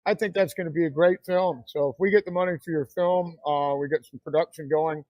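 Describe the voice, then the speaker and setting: A man's voice: fairly high pitch, steady tone, a little fast, darkish tone, no echo, rough recording. A man hosting a talk show, chatting casually with a guest and rambling through promotions with many fillers. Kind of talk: casual interview chat.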